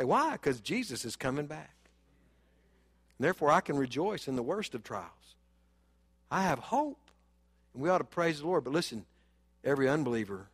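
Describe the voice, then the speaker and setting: A man preaching a sermon, animated, swinging between loud urging and low asides. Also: normal speed. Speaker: pastor. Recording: long reverb of a church hall.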